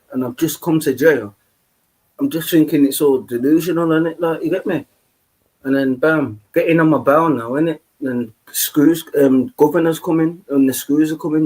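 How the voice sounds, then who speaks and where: A man's voice: fairly high pitch, darkish tone. Rambling man telling a story. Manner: rambling, says "you get me" constantly. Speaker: podcast host. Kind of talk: casual storytelling.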